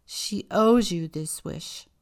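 A woman's voice: deep voice, takes it slowly, creaky, darkish tone, full character voice. A woman voicing a stern, greedy peasant father who insists firmly.

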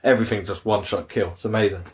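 A man, co-hosting a casual gaming podcast and telling animated stories, acting out voices. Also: lowish voice, quick pace. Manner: animated storyteller, acts out voices and laughs at own jokes. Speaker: podcast co-host.

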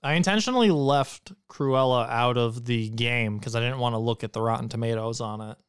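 A man's voice: medium pitch, a little fast, clean tone, dry recording, studio quality. A man co-hosting a podcast in casual chat, joking and sarcastic. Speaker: podcast co-host.

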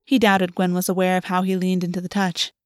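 A woman narrating a novel in an even, measured audiobook reading. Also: on the low side, no echo, clean studio sound. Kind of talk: scripted narration.

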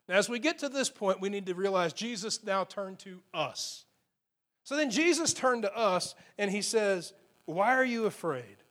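Male pastor, higher pitch, storytelling sermon delivery with dynamic emphasis. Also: a bit bright. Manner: storytelling preacher, rises and falls for emphasis.

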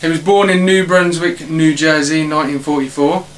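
Man with a slightly raised voice, halting. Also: a little high, fairly even intonation, a bit bright, slight background noise, poor audio. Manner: halting, filler-heavy delivery. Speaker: podcast host. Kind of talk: casual film-review chat, reading out facts.

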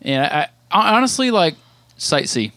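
A man's voice: a little high, big pitch swings, normal speed, bright, forceful tone, no room sound. A man co-hosting a podcast in casual chat, teasing and joking with his co-host.

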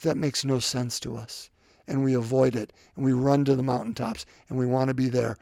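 A man's voice: medium pitch, level tone, moderate pace, vocal fry, warm tone, dry recording, clean studio sound. A man preaching a sermon in a loose, conversational way, asking rhetorical questions and acting out the scripture quotes. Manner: acts out scripture quotes with voices.

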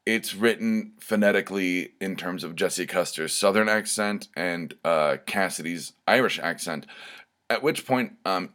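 A man's voice: low voice, a bit bright. A man hosting his own podcast, talking casually and rambling with frequent ums as he thinks aloud. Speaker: podcast host. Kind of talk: casual solo podcast talk.

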